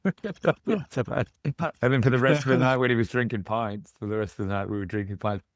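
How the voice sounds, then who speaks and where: A man with a very deep voice guests on a podcast. He talks fast and rambles through animated stories, tripping over his own starts. The sound is dry and close. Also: no room sound. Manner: rambling, animated anecdotes with repeated restarts. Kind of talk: casual chat.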